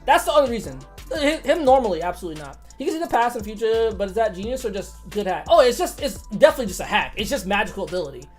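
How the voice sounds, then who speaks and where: A woman streaming a game, chatting casually, excitable, swearing and laughing often. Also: medium pitch, quick pace, faint music behind. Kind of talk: casual gaming commentary.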